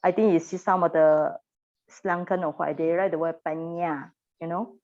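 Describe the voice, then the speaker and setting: A woman teaches pronunciation in a classroom and patiently repeats each sound for her students. Her voice sits slightly low. The recording is dull and lo-fi. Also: steady tone, normal speed, a little mellow.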